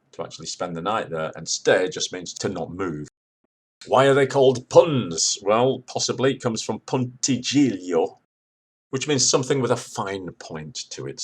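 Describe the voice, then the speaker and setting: An older Englishman with a deep voice explains wordplay in a measured lecture. His tone is husky and a little rough, and he slips into little voices for the jokes he retells, then drops back to a dry explanatory manner. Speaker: lecturer on humour. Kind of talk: spoken lecture.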